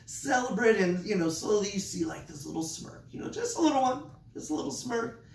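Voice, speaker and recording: A man who teaches online, telling a story in a casual vlog with animated delivery. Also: high voice, fairly quick, creaky, reverberant, far from the mic. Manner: animated, acts out his classroom voice.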